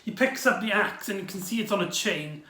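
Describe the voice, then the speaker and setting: A man giving a casual, rambling recap review of a TV episode, excitable and full of exclamations. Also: high voice, brisk. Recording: echoey room.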